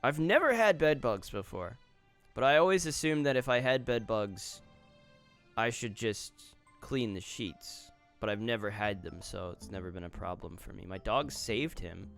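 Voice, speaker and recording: A man's voice: fairly low pitch, animated, moderate pace, creaky, fairly bright tone. Casual male streamer reacting offhand. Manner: reactive, reads posts aloud and comments offhand. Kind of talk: casual live-stream commentary. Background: faint guitar music.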